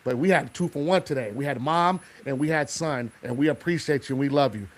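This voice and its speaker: A man's voice: on the high side, brisk. Fervent man hosting a motivational podcast. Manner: fervent, preacher-like encouragement. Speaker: podcast host.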